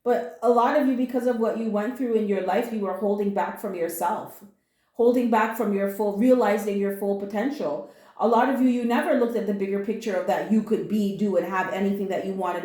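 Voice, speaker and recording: A woman's voice: medium pitch, moderate pace, mellow, roomy sound. A woman giving a casual spoken tarot reading, earnest and comforting, emotional at times and blunt with slang. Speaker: tarot reader.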